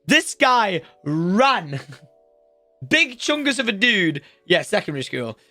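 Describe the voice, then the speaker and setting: Taking his time, the young man speaks in a high voice with no room sound and faint music in the background. Live-streaming from home, he spins a lively school tale, swearing plenty and voicing each character, the teacher's shouting included.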